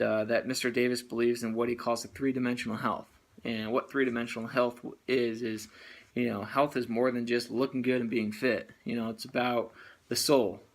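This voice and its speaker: Gravelly man rambling through a recap. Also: medium pitch. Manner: rambling, heavy on "you know" and "uh"; earnest, motivational. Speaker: network marketing business owner. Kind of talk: casual book chapter recap.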